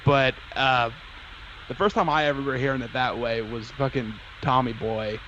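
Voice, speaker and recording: A man's voice: mid-range voice, steady tone, moderate pace, fairly bright tone, dull audio, slight background noise. A man co-hosting a casual live stream, rambling and repeating words, with some swearing. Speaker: podcast co-host.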